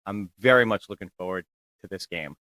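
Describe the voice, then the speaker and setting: A man on a casual panel chat, talking in a relaxed, agreeable way. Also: sits low, a little fast, no echo.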